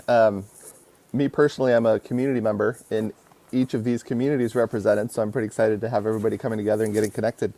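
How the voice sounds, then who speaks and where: A man's voice: lowish voice, steady tone, fast talker, darkish tone, no echo. A man giving an upbeat, casual community update on a call, with lots of fillers. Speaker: community member guest.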